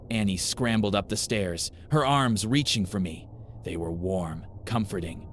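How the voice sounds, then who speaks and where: A man narrating a first-person horror story in a grim, measured way. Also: lowish voice, a little hiss or hum.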